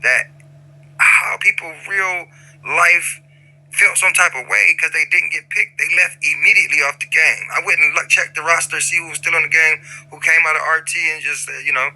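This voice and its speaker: Man, slightly high voice, piercing tone; lecturing roleplay group leader, repetitive, stammering. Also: moderate pace, pushed and bright, poor audio. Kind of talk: in-character roleplay chat.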